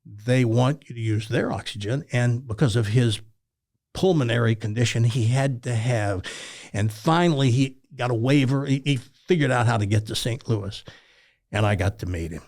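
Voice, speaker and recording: A Southern-accented older man from Tennessee, formerly a radio talk host, is interviewed and entertains with folksy tales. His voice sits at medium pitch and moves at normal speed, delivered in an animated, storytelling way.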